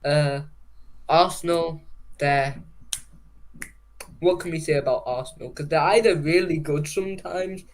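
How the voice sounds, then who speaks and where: A man's voice: a little high, steady tone, a little slow, pauses often. A young man from England co-hosting a casual live-stream chat about football, rambling and swearing casually as he reads out viewers' names. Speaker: football podcast co-host.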